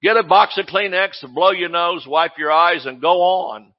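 A male pastor preaching a sermon in an animated, exclamatory way, often laughing as he speaks. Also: sits high, normal speed, highs cut off.

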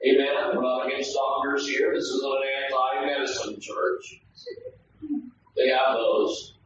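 A man's voice: mid-range voice, completely flat delivery, a little slow, background noise. A man teaching a Bible study in a church sanctuary, in a conversational, joking way that often asks the congregation for responses. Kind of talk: conversational sermon. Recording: echoey, dull sound from a distant mic.

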